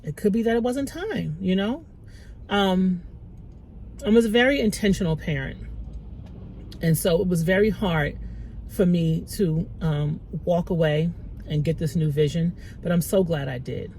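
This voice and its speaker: In an unhurried voice over slight background noise, a woman speaks to the camera as a mother and small business owner in middle age. Her faith pep talk is heartfelt and tearful, warm and chatty, with lively shifts in pitch and sudden laughter.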